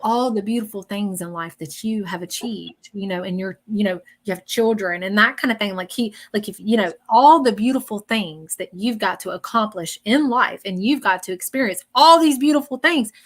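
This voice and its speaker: A woman giving a psychic reading on a livestream, emotional and apologetic, often saying she is sorry, with animated bursts as she acts out what she sees. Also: medium pitch, moderate pace, few pauses. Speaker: psychic medium. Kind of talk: live-streamed reading.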